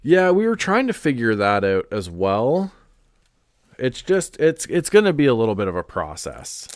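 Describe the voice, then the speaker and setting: Stuffed-up man rambling, lively pitch. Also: moderate pace, no room sound, studio quality. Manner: rambling, full of "like" and restarts. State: stuffed up, congested. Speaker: live streamer. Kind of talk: casual live-stream chat.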